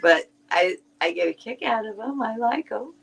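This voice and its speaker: A woman's voice: a little high, expressive, moderate pace, vocal fry, rough recording. A woman co-hosting a live online sale, chatting and musing aloud about the items. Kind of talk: live-stream sale chat.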